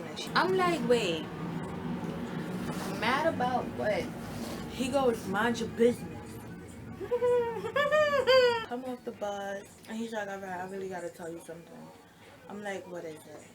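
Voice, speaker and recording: A young woman casually telling a personal storytime, acting out the quoted lines with lively, animated retelling. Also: on the low side. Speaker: storytime vlogger.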